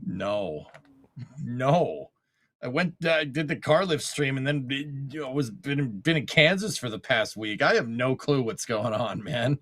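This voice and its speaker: A man's voice: mid-range voice, expressive, a little slow, fairly bright tone. Joking, rambling man co-hosting a podcast. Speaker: show co-host. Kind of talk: casual podcast chat.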